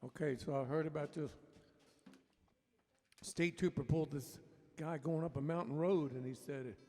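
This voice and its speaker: A man's voice: a little high, fairly even intonation, moderate pace, a little mellow. A man in a band telling a joke on an outdoor stage in an easygoing storytelling way. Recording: reverberant, from a distance.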